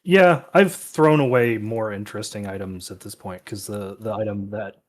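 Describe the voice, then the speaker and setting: A man's voice: fairly low pitch, normal speed. A man playing in a tabletop game, offhand and swearing casually. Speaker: player.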